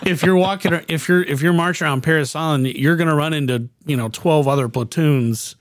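A man's voice: fairly high pitch, brisk, no room sound. A man co-hosting a casual talk show, speaking earnestly and often repeating words as he thinks. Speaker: podcast co-host. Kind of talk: casual chat.

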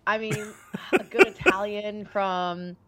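A woman's voice: mid-range voice, steady tone, slow pace, a bit bright. A woman co-hosting a podcast in casual chat, chatty and full of filler words. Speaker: podcast co-host. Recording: dull lo-fi sound.

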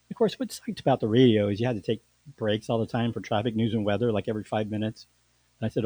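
A man's voice: lowish voice, fast talker, dark tone, dry recording, low-quality recording. A man, a podcast host and lawyer, telling a story in a casual monologue with lots of restarts and fillers.

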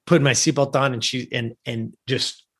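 A man's voice: medium pitch, normal speed, slightly rough. A middle-aged man telling a personal story as a guest, acting out the voices of the people in it. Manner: animated, acts out voices in his story. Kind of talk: storytelling in a conversation.

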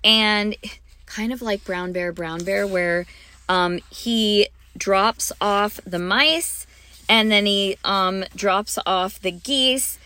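A woman's voice: mid-range voice, slow pace, bright, forceful tone, clean tone. A woman hosting a podcast for music teachers, talking in a bubbly, gushing way with frequent ums. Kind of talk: enthusiastic teaching talk.

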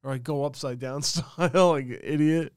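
A man's voice: fairly high pitch, normal speed, dry recording, clean studio sound. A young man, telling a rambling, swear-filled story on a casual podcast. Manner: rambling storyteller, heavy swearing, animated impressions. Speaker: podcast co-host. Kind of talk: casual chat.

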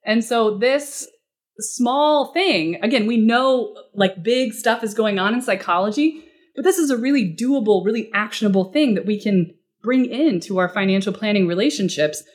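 A woman speaking as a guest expert in a podcast interview, casual and animated, often acting out short quoted exchanges. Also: on the high side, normal speed. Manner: animated, acts out client dialogue in quoted voices; casual, uses fillers like "like" and "you know".

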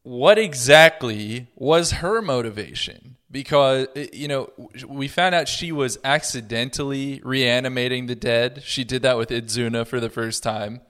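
A man's voice: medium pitch, measured pace, hardly any pauses, a bit bright. Inquisitive man asking probing questions. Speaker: podcast host leading the discussion. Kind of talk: casual discussion.

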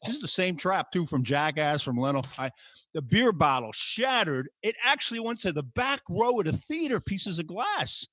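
A man hosting a podcast, telling lively stories and acting out quotes in a raised voice. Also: high voice, moderate pace, dry recording. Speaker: podcast host. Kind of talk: casual storytelling chat.

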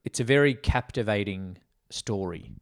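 A man's voice: fairly low pitch, animated, normal speed. A man, co-hosting a casual film podcast, talkative and questioning, acting out quotes playfully. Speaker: podcast co-host. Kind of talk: casual film discussion chat.

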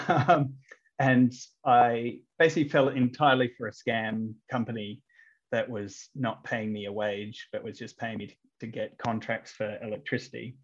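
Chuckling English-born comedian, dull sound. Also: male voice, medium pitch. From England. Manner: rambling, lots of ums and chuckles. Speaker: comedian and street performer, guest. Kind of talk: casual podcast chat.

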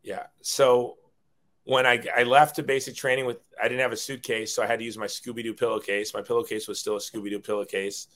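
A man's voice: medium pitch, little pitch movement, a little fast, fairly bright tone. A middle-aged man, a guest on an interview show, telling a personal story in an earnest, rambling way, often repeating words when moved.

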